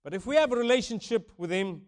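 A man over fifty from Africa preaching a sermon, booming on key points, then dropping low and soft, and repeating his phrases. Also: expressive, quick pace. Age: older, over fifty. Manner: swings between booming emphasis and hushed softness, repeats key phrases.

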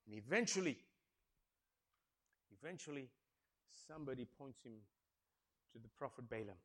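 A male preacher retelling a story in a sermon, acting out the characters and asking the congregation questions, swinging from hushed tones to loud exclamations. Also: mid-range voice, lively intonation, moderate pace. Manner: dramatic, swings from hushed to shouting, acts out characters.

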